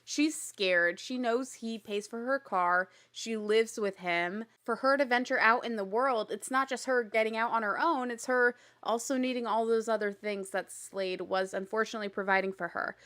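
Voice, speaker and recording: A woman's voice: fairly high pitch, moderate pace, hardly any pauses. Woman host recapping a reality show, talks casual and blunt, swears a lot, gets worked up. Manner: animated, exasperated retelling.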